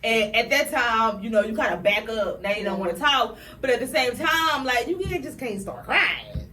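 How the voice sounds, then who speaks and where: Blunt, animated woman chatting on a podcast. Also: on the high side, moderate pace, distant mic. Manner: blunt, animated, swears freely. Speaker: podcast co-host. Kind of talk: casual chat. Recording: roomy, from the mic, faint noise.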